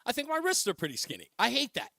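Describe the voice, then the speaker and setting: High, bright-voiced talk radio host. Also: male voice, fast talker, no echo. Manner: animated, laughs often while telling stories. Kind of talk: casual talk radio storytelling.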